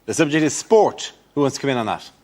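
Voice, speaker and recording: A man hosting a comedy panel show, briskly announcing topics and thanking the comedians. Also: medium pitch, big pitch swings. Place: TV studio before a live audience. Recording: studio audience and noise.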